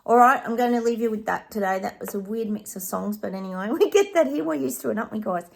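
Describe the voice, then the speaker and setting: A middle-aged psychic from Australia talks quickly in a fairly high voice with vocal fry, giving a casual reading straight to the camera. Chatty throughout, she calls her audience "guys" and slips into bits of song.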